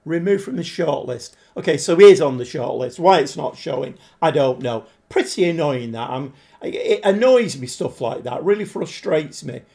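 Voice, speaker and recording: A man live-streaming a game, chatting to viewers and getting easily frustrated, his voice a bit hoarse. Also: on the high side, animated, normal speed, warm tone. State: voice struggling, slightly hoarse. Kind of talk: live-stream commentary while playing.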